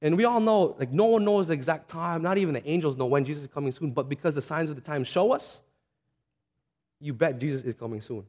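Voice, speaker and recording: A man preaching with a slightly high voice in a loose, conversational sermon. He is earnest and plainspoken, drifting into stories and acting out the voices of the people he quotes. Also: quick pace, a little mellow. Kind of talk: sermon with storytelling.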